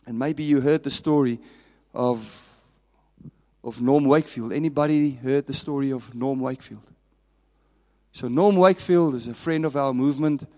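A man preaching a sermon as a pastor, telling stories with passion and dropping from raised to hushed. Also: medium pitch, gravelly. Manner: impassioned storytelling, swinging from raised to hushed. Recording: long reverb of a large hall.

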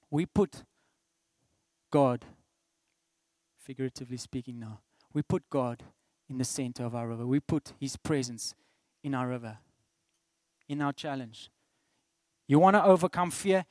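A middle-aged man with a South African accent preaching a sermon, swinging between loud declarations and soft asides. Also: mid-range voice, measured pace, pauses often, no room sound, studio quality. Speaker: pastor.

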